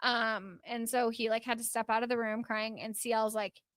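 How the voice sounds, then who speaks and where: Woman, podcast host, casual storytelling, fairly high voice, lots of fillers, dry close sound. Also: normal speed, clear, resonant tone, no echo. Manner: animated, lots of filler words, acts out quotes.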